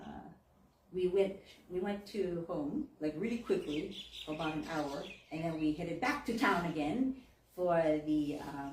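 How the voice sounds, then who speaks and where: A woman's voice: fairly low pitch, darkish tone, a little hiss or hum. A woman, giving a chatty, heartfelt sermon with frequent laughs and Japanese phrases. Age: 40s. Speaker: minister. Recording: echoey room, mic far off.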